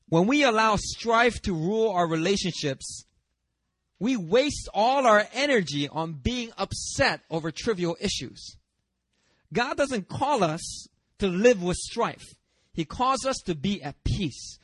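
High-voiced man preaching a lively sermon. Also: no room sound, studio quality. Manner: lively and conversational, with asides and laughter; confrontational, self-deprecating humor. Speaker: pastor.

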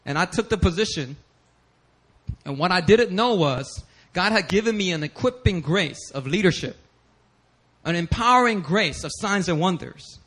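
A man preaching a sermon as pastor, telling stories animatedly with bursts of shouting and laughter. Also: high voice, animated, normal speed.

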